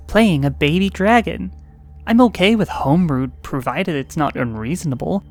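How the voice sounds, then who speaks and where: Expressive woman reading role-playing stories. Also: on the low side. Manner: expressive, with playful asides and sighs. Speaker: host and narrator.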